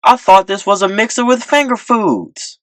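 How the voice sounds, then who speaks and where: A man voicing a young, overconfident smooth talker who stammers when cornered. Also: sits high, expressive, moderate pace, a bit bright, no room sound, pitched above the performer's own voice. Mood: flustered. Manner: cocky yet flustered, stammering. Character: young male smooth talker, cocky but nervous.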